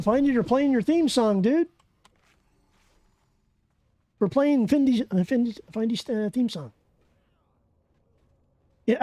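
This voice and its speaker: Profane gaming streamer, warm voice. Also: medium pitch, no room sound. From Canada. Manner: excitable, profane, chatty banter with viewers. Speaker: game streamer. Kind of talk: live gameplay commentary.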